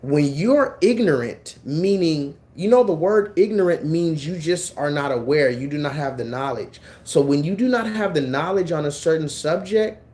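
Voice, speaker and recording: Animated man on a casual livestream. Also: a little high, moderate pace, hardly any pauses. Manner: animated, mocking then preachy. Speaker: livestream host.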